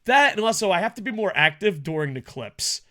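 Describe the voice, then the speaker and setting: Podcast co-host, male, bright animated voice, rowdy banter with lots of laughing and swearing. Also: high voice, brisk. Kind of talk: casual podcast chat.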